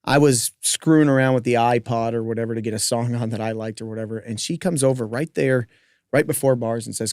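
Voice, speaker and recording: A man who hosts a podcast and coaches gymnastics, telling a personal story in a lively way with joking asides. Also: mid-range voice, brisk, no room sound, clean studio sound. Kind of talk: casual interview storytelling.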